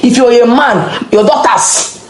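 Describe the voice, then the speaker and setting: A woman's voice: fairly high pitch, measured pace. A woman as an interview guest, speaking passionately and repeating her phrases for emphasis as she answers critics. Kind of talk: emotional conversational interview. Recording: echoey room.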